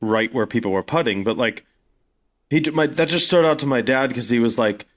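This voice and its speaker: A man's voice: mid-range voice, animated, fairly quick. A man from South Africa, a podcast co-host telling stories in casual chat, full of fillers. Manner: rambling storyteller, many fillers.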